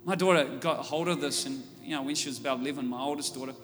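An Australian man preaching a sermon, telling stories and building up to loud, fervent preaching. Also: medium pitch, rapid-fire. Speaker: pastor. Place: church auditorium. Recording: church hall reverb with faint music.

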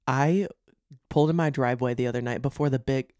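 A woman hosting a casual podcast chat in a bathroom, telling stories in animated bursts. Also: a bass voice, quick pace, no echo, studio quality. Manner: animated storytelling with bursts of exclamation. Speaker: podcast host.

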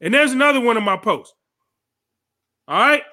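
Male podcast host, very high bright voice, angry shouting political commentary. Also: lively intonation, moderate pace. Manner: angry, shouting, profane ranting.

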